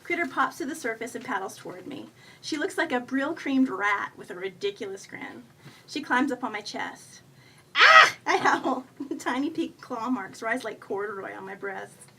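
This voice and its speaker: High, bright-voiced woman reading her story. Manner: wry, self-mocking storytelling. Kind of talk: live reading of first-person humorous prose. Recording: faint noise, voice a bit far from the mic.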